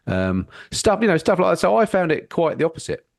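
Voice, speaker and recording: A man's voice: fairly high pitch, very animated, a little fast, creaky, no room sound, studio quality. A man with a well-spoken English accent, a guest on a podcast, chatting casually and articulately and often adding tag questions.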